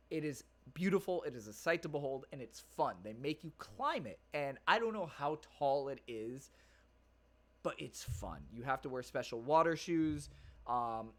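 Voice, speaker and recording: A young man hosting his own podcast, chatting casually and rambling, swearing freely with plenty of fillers and restarts. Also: medium pitch. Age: young adult. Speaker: podcast host. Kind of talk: casual solo podcast chat.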